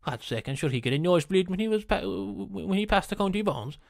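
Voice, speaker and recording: An Irish man tells long, earthy stories with plenty of swearing. His voice sits a bit high and sounds close and dry, with no room around it. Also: animated, brisk, vocal fry, no room sound. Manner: earthy, swearing, rambling anecdotes. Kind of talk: casual storytelling chat.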